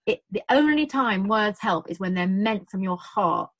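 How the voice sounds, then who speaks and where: In a rough, dry recording with no room sound, a British birth-support worker speaks at a moderate pace and medium pitch. She's casually chatting and brings her stories to life by acting out the quotes.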